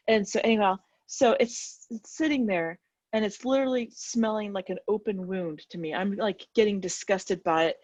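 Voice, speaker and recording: A woman telling an animated story on a coaching call and acting out the dialogue. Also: mid-range voice, dry recording, muffled recording. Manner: animated, laughing at herself, acts out dialogue. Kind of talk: casual storytelling on a group call. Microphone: video call.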